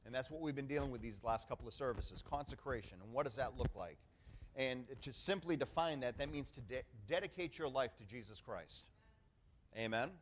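A middle-aged male pastor delivers a sermon in an emphatic, conversational preaching style. His voice sits at an ordinary pitch for a man. He punctuates his points with calls of "amen" and repeated phrases. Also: expressive, brisk, slight background noise.

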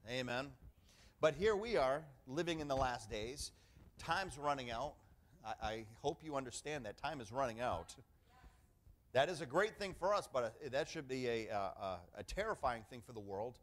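A man's voice: medium pitch, animated, normal speed. A middle-aged man preaching a sermon as pastor, emphatic and conversational, often calling for an "amen" from the congregation.

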